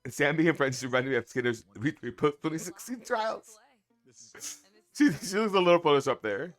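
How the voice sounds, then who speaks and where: A man's voice: on the high side, lively intonation, normal speed, a bit bright, soft background music. A man hosting a live stream, chatting casually with his viewers and joking as he explains the sport. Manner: chatty, joking, addresses chat as y'all. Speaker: livestream host. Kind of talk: casual watch-along chat.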